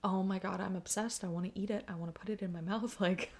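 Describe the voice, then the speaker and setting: A woman's voice: medium pitch, fairly even intonation, fast talker. A young woman hosting a podcast, talking candidly and effusively in a casual personal monologue, swearing and laughing freely. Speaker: podcast host.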